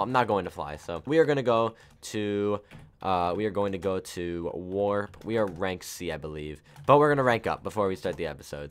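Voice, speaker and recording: A man's voice: low-pitched, clean tone. A young man casually telling a personal story while playing a game, rambling with many fillers and self-corrections. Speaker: gaming YouTuber.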